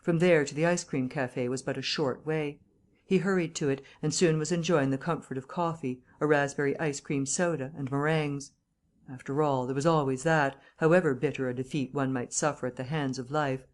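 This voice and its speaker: Woman reading a novel aloud, measured. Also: low-pitched, steady tone. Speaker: audiobook narrator. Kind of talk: scripted audiobook narration.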